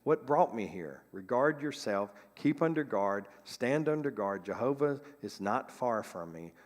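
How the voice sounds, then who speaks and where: A man's voice: mid-range voice, lively intonation, measured pace, big-room sound, lightly acted. A man reading aloud the earnest farewell words of a condemned man to his children, in a church sanctuary. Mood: pleading.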